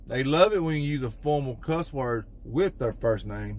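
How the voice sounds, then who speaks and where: A man delivering deadpan satirical marriage advice in a confident, mock-serious tone. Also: mid-range voice, moderate pace, few pauses. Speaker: comedy content creator.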